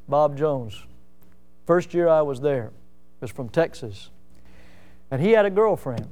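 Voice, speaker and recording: A man's voice: fairly high pitch, a little mellow, clean tone. A male pastor preaching a sermon, telling stories and building to emphatic, rising passages.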